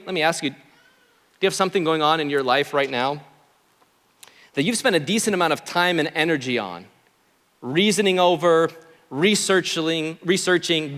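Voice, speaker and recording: A man's voice: on the high side, a bit bright, long reverb tail. A man preaching a sermon as pastor, conversational, with asides to the congregation, in a church sanctuary.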